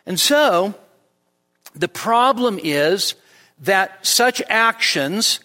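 A man's voice: high voice, expressive, extremely slow, sharp tone, in a large hall. A male pastor giving an expository midweek sermon, teaching with emphasis and often restarting his words. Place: church hall.

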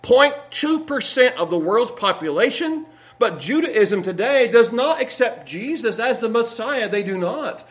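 A man's voice: very high-pitched, lively intonation, measured pace. A man preaching a sermon, reading scripture aloud and putting earnest questions to the congregation. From United States.

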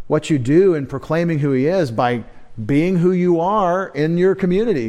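A man, a pastor, preaching an earnest midweek sermon, slowing down to stress key words. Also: fairly high pitch, darkish tone. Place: church service.

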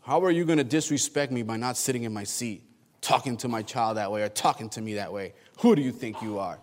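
A man's voice: mid-range voice, brisk, big-room sound, voice pushed down, natural voice. A man voicing a proud, hot-tempered man who rants angrily at being disrespected. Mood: indignant. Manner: angry, blustering rant.

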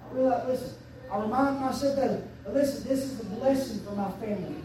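A man preaching a fervent sermon as pastor, swinging from quiet asides up to loud shouts. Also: brisk, slight background noise. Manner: fervent preaching, surging to shouts and dropping low. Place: church sanctuary. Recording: very echoey church sanctuary, mic at a distance.

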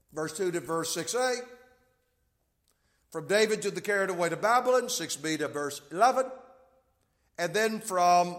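Man, bible teacher, high pitch, explanatory, repeats points, reverberant hall. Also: fairly bright tone. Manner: explanatory, repeats key points, quizzes listeners.

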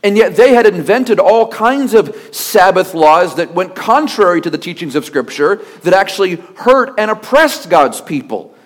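A male pastor preaching a sermon with emphatic delivery, rhetorical questions and steady repetition. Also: high voice, moderate pace, few pauses.

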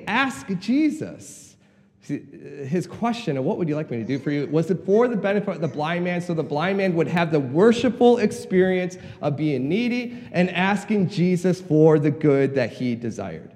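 A middle-aged male preacher delivers a sermon in a fairly high but mellow voice. He is earnest and repeats words as he searches for them, then climbs in pitch to drive a point home. The sound trails off into the long reverb of a large hall.

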